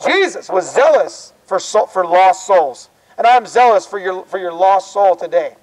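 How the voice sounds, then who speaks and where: A man with a very high voice preaches in the open air on a college campus. He exhorts his listeners urgently and with fervor, pressing them to repent. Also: animated, moderate pace, poor audio. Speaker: street preacher.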